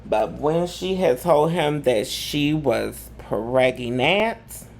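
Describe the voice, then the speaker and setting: A man's voice: fairly high pitch, lively intonation, very slow, creaky, a little hiss or hum. A man hosting a live gossip commentary show, talking in a sassy, campy way full of drawled slang. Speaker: host.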